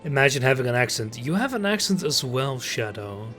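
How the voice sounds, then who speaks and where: A man's voice: medium pitch, very animated, brisk, fairly bright tone, faint music behind. A man with a Dutch accent, a native Dutch speaker, chatting casually on a live stream in rambling talk full of fillers and restarts. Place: home streaming setup.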